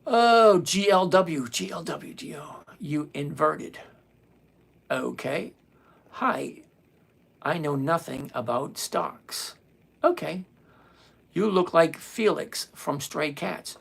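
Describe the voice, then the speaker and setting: A man's voice: a little high, animated, unhurried, creaky, fairly bright tone, husky. A man in his sixties hosting a live stream, reading chat questions aloud and answering in a blunt, dismissive way. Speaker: livestream host answering chat.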